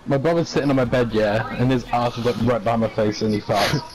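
A man's voice: medium pitch, brisk, low-quality recording. A young man chatting while gaming, cheeky and teasing. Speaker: gamer. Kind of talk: casual gaming chat.

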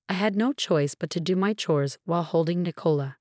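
A woman narrating a first-person story in an even, plain storytelling manner. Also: fairly low pitch, fairly quick, dry recording, studio quality.

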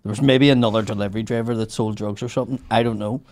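A man's voice: lowish voice, steady tone, racing, heavy background noise. A young man telling a profane story in casual podcast banter, laughing often. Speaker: podcast host.

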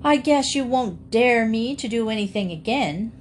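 A woman's voice: on the high side, expressive, moderate pace, a little hiss or hum, voice pushed up, close to an everyday voice. A woman doing a cocky boastful tomcat. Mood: smug. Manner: smug, taunting. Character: boastful male cat, sly and cocky.

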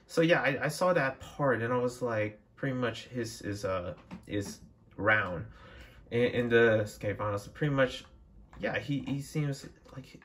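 A man's voice: mid-range voice, measured pace, a bit bright. A young man chatting casually to his viewers as a vlogger, rambling with frequent restarts and fillers. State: dry throat, out of breath. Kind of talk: casual chat to camera.

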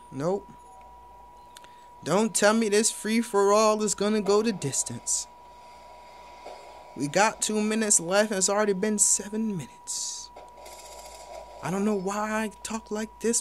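A young man commentating his own video game match for viewers, playful and hyped, with sudden loud exclamations. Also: high voice, slight background noise. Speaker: gaming YouTuber. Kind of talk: live gameplay commentary.

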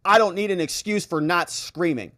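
A man's voice: sits high, normal speed, fairly bright tone, no echo, clean studio sound, pitched above the performer's own voice. A man quoting an older female witness in a plain, defiant manner.

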